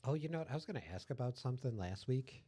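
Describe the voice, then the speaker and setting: Lively, joking man on a podcast. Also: mid-range voice, fast. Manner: joking, playful teasing. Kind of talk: casual chat.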